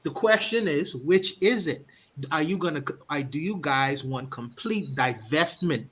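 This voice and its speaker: A man's voice: fairly high pitch, expressive, measured pace, a bit bright, husky. A man hosting a casual podcast discussion, earnest and pressing his question, often breaking into laughs. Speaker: podcast host.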